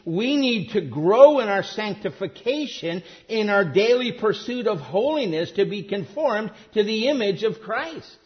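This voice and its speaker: A man preaching a sermon emphatically, rising to stress key words and then dropping low and quiet. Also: muffled recording.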